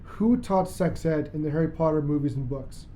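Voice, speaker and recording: A podcast host chatting casually as an enthusiastic fan, rambling and cracking quick jokes. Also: mid-range voice, mellow, slight background noise.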